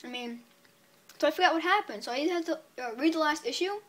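Chatty upbeat woman, higher voice. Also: lively intonation, fast, a bit bright. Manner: chatty and upbeat, rambling with fillers. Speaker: comic book vlogger. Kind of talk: casual video review.

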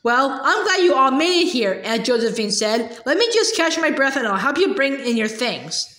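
A woman's voice: high-pitched, sing-song, moderate pace, a bit bright. A woman voicing a fussy, fearful older aunt who whines and scolds about grammar, read aloud from a storybook. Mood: fretful. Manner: whiny, prim, scolding. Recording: roomy echo.

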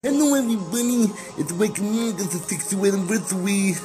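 High-voiced young man rambling erratically. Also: brisk, over music, low-quality recording. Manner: erratic, rambling, with sudden loud excited swings. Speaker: vlog host. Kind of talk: rambling self-recorded vlog.

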